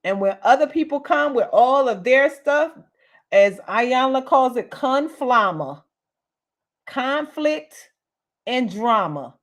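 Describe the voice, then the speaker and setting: Speaking slowly in a high, animated voice, a woman hosts a motivational talk streamed live. She's emphatic, keeps repeating key phrases, and uses casual slang throughout.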